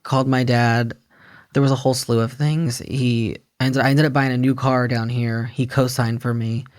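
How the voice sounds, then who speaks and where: A young man telling stories on a podcast in a loose, animated way, full of fillers and acted-out quotes. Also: medium pitch, normal speed. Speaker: podcast guest. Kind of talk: casual storytelling about addiction recovery.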